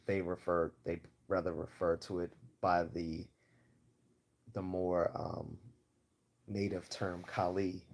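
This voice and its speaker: A man with a low, darkish voice and a Baltimore accent hosts a livestream Q&A. He answers viewers' questions casually and meanderingly, using plenty of fillers and restarting often.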